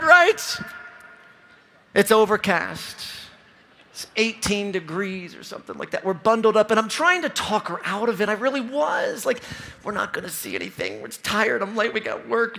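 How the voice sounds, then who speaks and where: Speaking to a packed convention audience from a large stage, this Ohio man in his forties gives a high-energy motivational keynote. He weaves in stories and engages the crowd directly. His voice is very high-pitched, with vocal fry.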